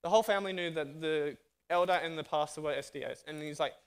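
An Australian man with a somewhat high voice preaches through a story. He narrates in a lively way and briefly acts out each character's dialogue. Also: fast talker, clear, resonant tone. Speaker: guest speaker. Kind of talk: storytelling sermon.

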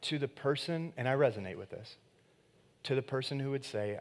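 A pastor preaching a sermon in a conversational, animated way, acting out quoted voices and swinging between loud emphatic bursts and quiet, hushed lines. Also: male voice, lowish voice, fairly quick.

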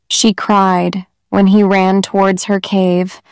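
A woman narrating a simple story in a slow, careful reading voice for language learners. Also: medium pitch, little pitch movement, a little mellow, clear, resonant tone, no echo.

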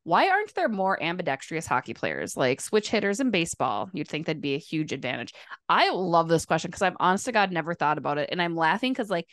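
A woman's voice: on the low side, sing-song, quick pace, a bit bright, dry recording, clean studio sound. A woman, co-hosting a casual hockey podcast and talking things through with lots of fillers. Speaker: podcast co-host.

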